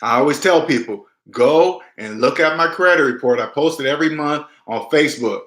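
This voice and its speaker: A man with a bright, ringing voice pitched a little high, talking money to his viewers in a loose livestream style. He is emphatic and preachy and slips into acted-out quotes of other people. The room around him echoes noticeably. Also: a little fast. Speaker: personal finance vlogger. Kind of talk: casual livestream talk to viewers.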